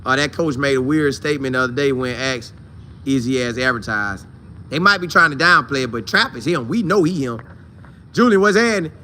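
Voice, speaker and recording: A man hosting a casual football talk show, animated and slangy, talking straight to his viewers. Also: medium pitch, fairly quick, slight background noise. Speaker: sports show host.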